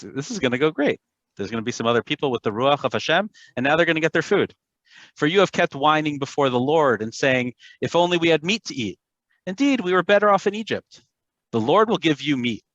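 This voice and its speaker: A man leading a class, reading scripture aloud and breaking in with animated, casual asides to explain it. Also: on the high side, no room sound, muffled recording. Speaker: class facilitator.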